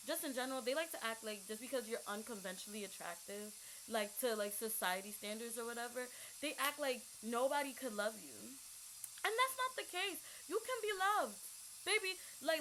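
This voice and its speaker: A woman's voice: on the high side, pushed and bright, low-quality recording. A woman in her twenties ranting casually to camera at home, rambling with slang and lots of fillers. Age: 20s. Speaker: vlogger. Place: room at home with a hissing radiator. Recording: faint radiator hiss behind.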